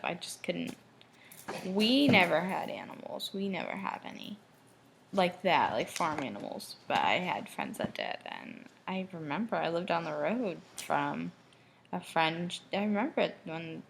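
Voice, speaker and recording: A woman's voice: lowish voice, unhurried, vocal fry, a little hiss or hum, low-quality recording. A young woman from Michigan talking in a personal video diary, emotional and rambling, often restarting her sentences. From Michigan, USA. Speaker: vlogger.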